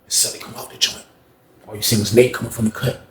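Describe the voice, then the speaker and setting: A man's voice: on the low side, quick pace, roomy sound, a little hiss or hum. A man casually telling a long story and acting out the people and sounds in it. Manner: animated, acts out the people and sounds in his story.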